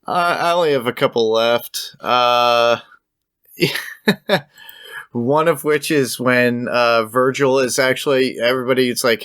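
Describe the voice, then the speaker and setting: Man, podcast co-host, casual chat, easygoing, laughs often, mid pitch, dry close sound. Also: slow pace, fairly bright tone, no echo. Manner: easygoing, laughs often, paraphrases scenes loosely.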